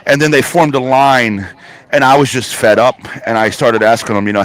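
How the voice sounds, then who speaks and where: A man's voice: mid-range voice, moderate pace, a bit bright. A man reporting live from a protest site in an urgent, emphatic and blunt way, swearing freely. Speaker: on-the-ground reporter. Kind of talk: live remote interview.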